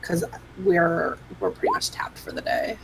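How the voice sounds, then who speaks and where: A woman's voice: fairly low pitch, huge pitch swings, normal speed, vocal fry, slight background noise, rough recording. A woman player in casual tabletop game chat, chatty and joking.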